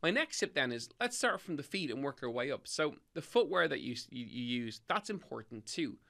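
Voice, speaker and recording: A man's voice: medium pitch, very animated, fairly quick, creaky, sharp tone. A middle-aged man with an Irish accent, hosting a solo health podcast and giving fitness tips in an emphatic, upbeat way. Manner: emphatic, upbeat, repeats key points. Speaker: podcast host and fitness coach.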